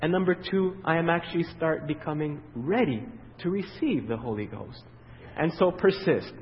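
A man preaches a sermon in a slightly high voice, quizzing his listeners with questions they answer back. He swings between loud, emphatic peaks and quiet, low stretches. The sound is dull and muffled, with a long echo from a large hall. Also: expressive, slight background noise. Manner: asks the audience questions and pauses for their answers.

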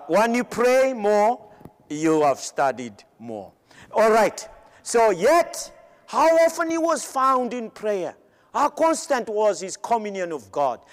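A man preaches at a slow, deliberate pace, hammering home repeated phrases. His voice sits high and swings widely in pitch. A long reverb trails each line, as in a large hall. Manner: emphatic, with pauses and repeated phrases. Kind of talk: sermon.

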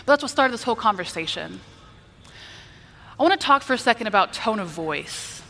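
A woman's voice: on the high side, expressive, brisk, creaky, bright, forceful tone, big-room sound, slight background noise. A woman preacher giving a conversational Bible teaching, explaining and checking in with her listeners. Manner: explanatory, asks the listeners "right?".

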